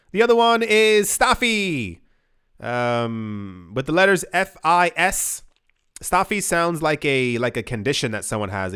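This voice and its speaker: A man's voice: fairly high pitch, a bit bright, smooth. A man hosting a crypto news channel, giving casual commentary with sarcastic, joking asides. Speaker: crypto YouTube host.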